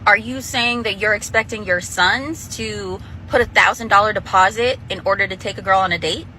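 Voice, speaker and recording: Female commentator, bright and slightly high, incredulous questioning tone, faint background noise. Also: normal speed, low-quality recording. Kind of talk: casual commentary video.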